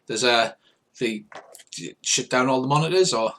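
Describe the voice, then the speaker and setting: An older man from England acts as game master for a tabletop game among friends. His narration is loose and rambling, full of restarts and little sound effects, delivered at a middling pitch. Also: normal speed, a bit bright, a little hiss or hum.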